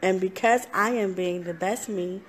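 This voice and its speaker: This life coach's voice sits in the mid range, with slight background noise behind her motivational talk. Her delivery is slow, earnest and repetitive, punctuated by laughter and playful voices for her own self-talk.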